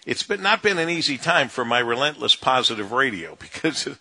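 A male radio talk show host interviewing a guest in an upbeat, chatty way with filler pauses. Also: mid-range voice, big pitch swings, pushed and bright.

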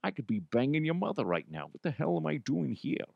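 A man's voice: a little high, big pitch swings, fairly quick, vocal fry, no echo, muffled recording, exaggerated voice. A man impersonating a crude older male movie star, with an over-exaggerated drawling cadence. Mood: grumbling.

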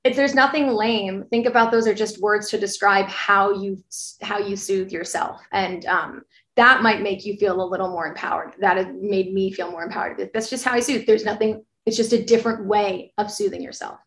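A woman's voice: medium pitch, steady tone, normal speed, a bit bright. Rambling young woman in an echoey room. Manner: rambling, filler-heavy, self-apologizing. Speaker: podcast co-host. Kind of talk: casual chat. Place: apartment bedroom, from the US.

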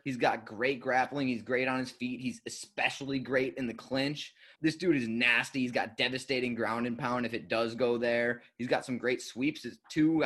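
A man's voice: mid-range voice, a bit bright. A man co-hosting a podcast, making an enthusiastic betting pick with emphatic repetition. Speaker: podcast co-host. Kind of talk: casual sports betting chat.

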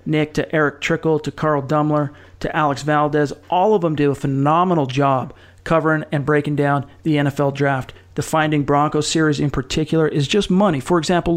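A man hosting a sports podcast, talking casually and upbeat, plugging subscriptions. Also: fairly high pitch. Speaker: podcast host.

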